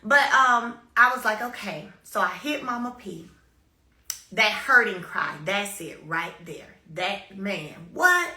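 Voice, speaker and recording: A woman tells a personal story straight to her followers. Her voice is bright and forceful, and she repeats her points with emphatic bursts of energy. The sound bounces around an echoey room. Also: medium pitch, animated, slow. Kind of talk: casual spoken testimony to followers.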